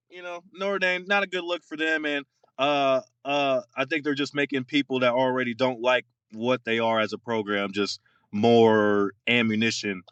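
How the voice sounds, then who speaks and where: A young man co-hosting a casual sports podcast, ranting in an animated, mocking way with lots of fillers and repeated words. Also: mid-range voice, no echo, highs cut off. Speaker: podcast co-host.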